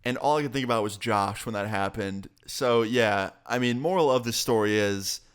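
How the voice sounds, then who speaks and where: A young man vlogger telling a casual, profane story in an animated way. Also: lowish voice, normal speed, clean tone.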